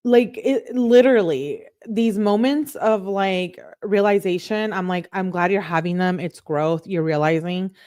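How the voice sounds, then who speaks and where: A woman's voice: on the low side, measured pace, few pauses, smooth, dry recording, studio quality. A woman commentator on a livestream, reading out text messages and breaking in with exasperated asides. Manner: reads both sides of the texts in a flat reading tone, breaks in with exasperated asides. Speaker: true crime commentator on a livestream.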